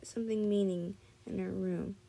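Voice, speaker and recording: A tired woman reading a young man's lines in a fan fiction story, slowly and with frequent restarts. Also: medium pitch, fairly even intonation, creaky, dark tone. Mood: earnest.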